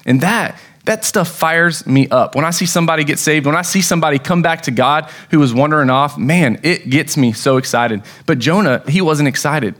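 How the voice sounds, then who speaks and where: Young American male pastor, slightly raised pitch, casual storytelling sermon with excited bursts. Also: normal speed, hardly any pauses.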